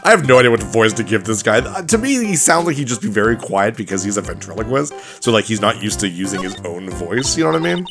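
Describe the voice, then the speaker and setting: A man's voice: fairly low pitch, very animated, fast, few pauses. Rambly gamer dude talking over his playthrough, game music going. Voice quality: chatty, rambling. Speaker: let's play host. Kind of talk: casual game commentary.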